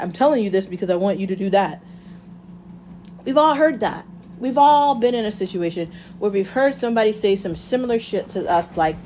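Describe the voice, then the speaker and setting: A woman in the middle of a heated casual monologue, talking fast and hard, throwing out rhetorical questions and swearing as she goes. A faint hiss of background noise runs underneath her voice. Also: medium pitch. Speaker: vlogger.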